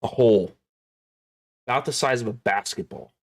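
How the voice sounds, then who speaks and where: A man narrating a tabletop game as game master, slow and dramatic, dropping to hushed tones. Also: medium pitch.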